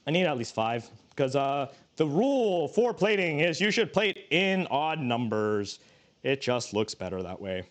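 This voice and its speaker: A man's voice: a little high, big pitch swings, unhurried. A man streaming while he cooks, chatting casually in a joking, rambling way with many restarts. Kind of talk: casual livestream cooking chat.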